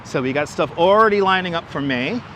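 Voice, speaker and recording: Brisk and expressive, a man with a fairly high, bright, forceful voice hosts a casual walking livestream outdoors in the city. Using a wireless clip-on mic, he chats enthusiastically, greets viewers by name, and reads their comments aloud, with a bit of hiss or hum.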